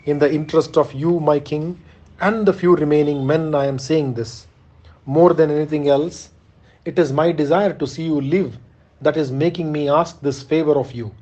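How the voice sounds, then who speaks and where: An old, grieving warrior-teacher, read by a man in an audiobook of an epic, imploring his king with earnest urgency. The voice sits slightly high and mellow, heard through a dull, lo-fi recording. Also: steady tone, moderate pace, lightly acted. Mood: pleading.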